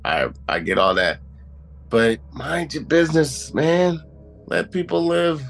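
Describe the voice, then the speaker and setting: A man's voice: fairly high pitch, animated, slow pace, gravelly, fairly bright tone, soft background music. A man co-hosting a true crime podcast, reacting in a laid-back, opinionated way. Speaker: podcast co-host. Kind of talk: casual chat.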